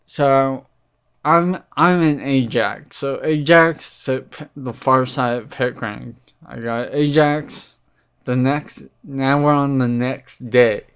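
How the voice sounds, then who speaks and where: A young man in a casual vlog talks through a grievance at an unhurried pace, stopping and restarting his sentences. His voice is clean and smooth, with a mid-range pitch. A mild irritation runs through his storytelling. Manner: rambling, halting, with many fillers and restarts; mildly irritated, recounting a complaint. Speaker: vlogger.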